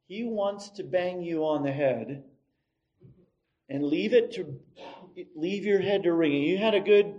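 A middle-aged man delivers a sermon at an unhurried pace, his voice sitting a little high for a man. He tells stories with animation, rising to loud emphasis, then dropping into quiet, offhand asides. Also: highs cut off. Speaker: pastor.

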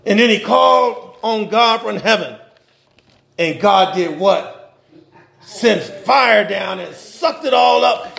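A male pastor delivering a casual, humorous sermon full of slang, swinging between loud bursts and quiet asides. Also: high-pitched, animated, takes it slowly, gravelly, roomy sound. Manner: informal preaching with slang and humor, rising and dropping in intensity.

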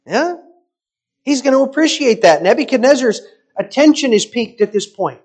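High-voiced man preaching a sermon. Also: big pitch swings, darkish tone. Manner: emphatic, rhetorical preaching with pauses.

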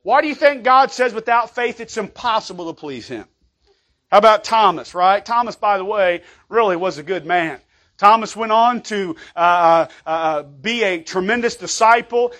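High-voiced, emphatic preaching man. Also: fairly bright tone. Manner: emphatic, calls out "Amen?" often; stumbles and repeats words. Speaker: pastor. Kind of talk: sermon.

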